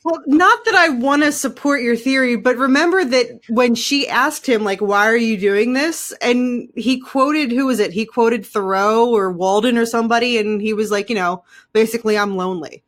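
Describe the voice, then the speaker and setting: A woman's voice: on the high side, normal speed, few pauses, a bit bright. A woman chatting casually on a podcast, giggly and rambling, often interrupting herself. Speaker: podcast guest co-host. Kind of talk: casual chat.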